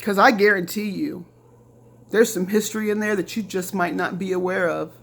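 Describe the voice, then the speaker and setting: A woman's voice: mid-range voice, fairly even intonation, moderate pace, gravelly. A middle-aged woman from Indiana delivering a heated, profane rant straight to the camera, repeating lines and mocking others in quoted voices. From Lafayette, Indiana. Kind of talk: angry direct-to-camera rant.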